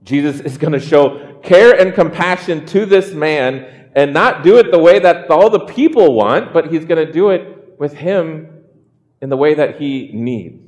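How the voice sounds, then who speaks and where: A man's voice: fairly high pitch, expressive, a little slow, a little mellow, long reverb tail. A man preaching a sermon, earnest, often repeating words as he builds a point. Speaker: pastor.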